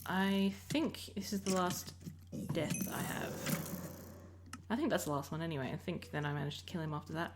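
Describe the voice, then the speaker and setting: A woman's voice: sits low, normal speed. Australian woman, let's play commentary, chatty, rambling, restarts sentences, faint background noise. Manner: rambling, self-interrupting, chatty. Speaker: Minecraft let's player. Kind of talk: casual gameplay commentary.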